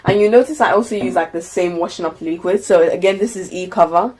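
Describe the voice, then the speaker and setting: A woman's voice: lowish voice, quick pace, a little mellow, slightly rough. A young woman vlogging at home, chatting through a grocery haul in a rambling, filler-heavy way. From United Kingdom. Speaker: lifestyle vlogger. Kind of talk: casual grocery haul chat.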